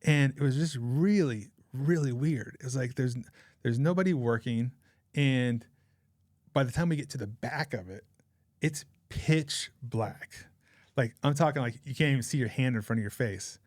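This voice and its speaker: Male guest, forties, average pitch, loose chatty anecdote delivery, dry recording. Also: normal speed, darkish tone, dry recording. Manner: rambling, chatty anecdote-telling with frequent laughs. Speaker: podcast guest. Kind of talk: casual storytelling.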